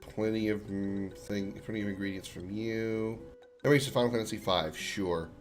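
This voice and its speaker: A man giving loose, joking commentary while he plays a video game, talking in a fairly low voice. He rambles and restarts his sentences with plenty of fillers. Game music sits faintly underneath. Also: normal speed. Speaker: streamer playing a video game. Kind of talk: casual gameplay commentary.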